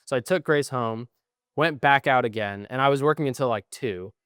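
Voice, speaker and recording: A young man on a podcast sounds worn out and short on sleep. He tells meandering stories full of swearing, and his voice often sinks low at the end of a thought. The tone is smooth and clear, recorded close and dry. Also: moderate pace, no room sound. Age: young adult. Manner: rambling, profane storytelling, trailing off quietly. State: tired. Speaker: podcast co-host. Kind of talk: casual chat.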